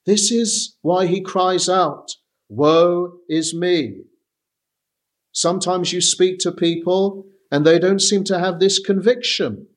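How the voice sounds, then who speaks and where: A man preaching a sermon, reading scripture aloud slowly and stressing his points. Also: high voice, steady tone. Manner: slow and emphatic, reading scripture aloud deliberately.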